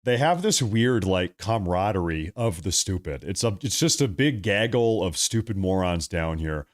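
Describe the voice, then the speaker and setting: Animated, mocking male stream commentator. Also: deep voice, normal speed. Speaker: streamer reacting to a live feed.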